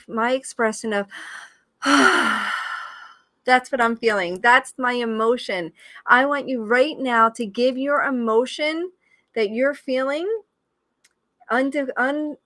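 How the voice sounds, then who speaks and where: A woman coach guides a live online session in a fairly high voice, close and dry on the mic. She coaxes people through the exercise and often breaks into whoops of enthusiasm. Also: fairly bright tone, dry recording. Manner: coaxing guided-exercise delivery. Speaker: life coach.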